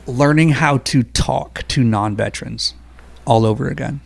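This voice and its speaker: A man who is an Army veteran, telling stories in a blunt, quick, conversational way as an interview guest. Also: medium pitch, gravelly. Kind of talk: casual interview storytelling.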